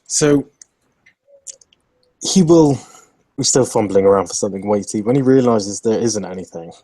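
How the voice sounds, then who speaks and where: A man playing a tabletop role-playing game, describing his character's actions in a slow, halting way. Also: on the low side, lively intonation, dark tone, no echo. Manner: slow, halting, laughs often. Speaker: player.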